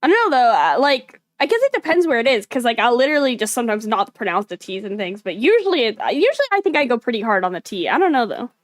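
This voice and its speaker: A woman's voice: on the high side, sing-song, fast, few pauses, no room sound, clean studio sound. A woman streamer chatting casually while reacting to a video, rambling with lots of filler words. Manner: rambling, lots of "like", self-mocking.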